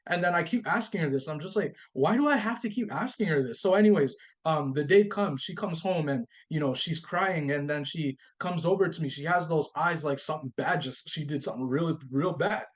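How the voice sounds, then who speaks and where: On a podcast, a guest speaks briskly in a voice on the high side, hardly pausing as he tells a personal story. Animated throughout, he voices both sides of the conversation and often repeats and restarts what he's saying.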